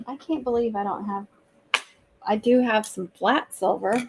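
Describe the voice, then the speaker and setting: A woman's voice: mid-range voice, unhurried, a little mellow, slightly rough, rough recording. A woman with a Southern American accent, chatting casually to viewers while she crafts on a livestream.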